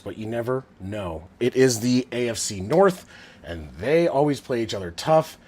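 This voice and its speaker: A man's voice: medium pitch, expressive, moderate pace, a little mellow, husky. A man around forty hosts a live sports stream in an easy, rambling chat. He talks with plenty of fillers and restarts, and his voice comes through a Bluetooth headset. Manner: chatty, rambling, many fillers.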